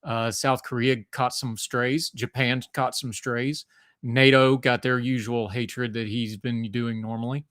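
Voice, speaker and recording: An American man talks through a live-stream commentary in a blunt, opinionated way, dropping fillers and restarting sentences as he goes. His voice sits at a middling pitch, and the sound is dry and close. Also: level tone, a little slow, a bit bright, no room sound. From United States. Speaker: political commentator.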